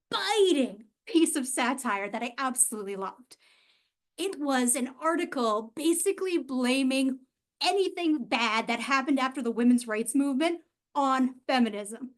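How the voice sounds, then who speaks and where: Woman w a high voice doing a funny story speech, wry, self-mocking, lots of pauses n sighs. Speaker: club speaker. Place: event hall.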